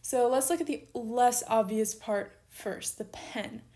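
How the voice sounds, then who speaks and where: A woman teaches a recorded online lesson in a slightly high voice. She moves at a patient pace and slows down to spell out letters one by one. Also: dark tone.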